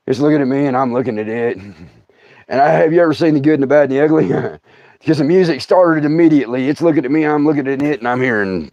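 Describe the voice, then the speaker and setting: A middle-aged man telling a story in a casual, drawling way, often dropping to a hush and acting out the sounds. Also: medium pitch, lively intonation, quick pace, vocal fry, no echo. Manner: drawling, hushed, acts out sounds. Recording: dull lo-fi dry sound.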